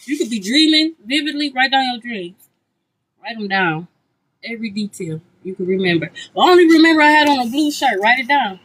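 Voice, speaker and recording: A woman's voice: high-pitched, fairly bright tone, low-quality recording. A woman giving a live tarot reading outdoors on a street, talking bluntly and profanely and repeating herself often. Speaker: tarot reader. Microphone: phone livestream.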